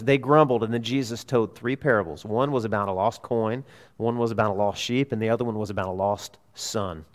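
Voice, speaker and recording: A man preaching a sermon as a pastor, earnest, swelling to emphatic peaks and dropping low. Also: brisk. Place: church sanctuary. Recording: long reverb of a hall.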